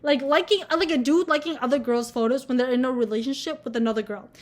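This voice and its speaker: High-voiced young woman, blunt and sweary. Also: quick pace, a little mellow. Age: young adult. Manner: blunt, swears a lot, many filler likes. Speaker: vlogger. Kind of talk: casual rant to camera.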